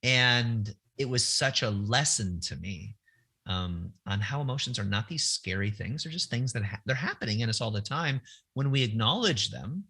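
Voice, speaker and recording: A middle-aged man speaks as a podcast guest, candid and searching, often starting a sentence over before finding his words. His voice is husky and bright, sitting a little low for a man. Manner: candid, searching, frequent restarts. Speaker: guest author. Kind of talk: reflective podcast conversation.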